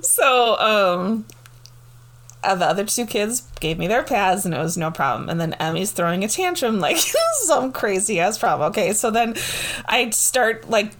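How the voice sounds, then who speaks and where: Giggly animated woman telling a story. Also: medium pitch, unhurried. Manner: animated, giggly, swears freely. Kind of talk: casual storytelling chat.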